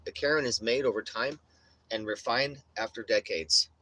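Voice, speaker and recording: A man's voice: medium pitch, normal speed, sharp tone, poor audio. Profane ranting young man streamer. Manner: profane, blunt, swaggering, says "bro" a lot. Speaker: livestream host. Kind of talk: casual rant to a live chat.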